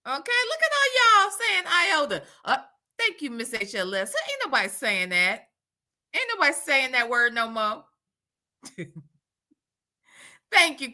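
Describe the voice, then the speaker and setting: A woman hosts a casual livestream, talking straight to her chat in a sassy, chatty way. Her voice is very bright and sharp, and she swings widely in pitch while keeping an unhurried pace. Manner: lively with loud jumps in pitch. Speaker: YouTube commentary host.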